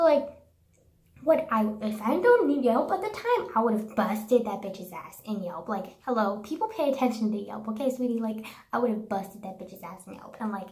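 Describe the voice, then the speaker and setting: A young woman rants straight to the camera, sarcastic and profane, with "like" in nearly every phrase. Her voice sits a little high for a woman. The room around her is bare and echoey. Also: a little mellow. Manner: profane, sarcastic, says "like" constantly. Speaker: vlogger. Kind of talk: casual ranting monologue.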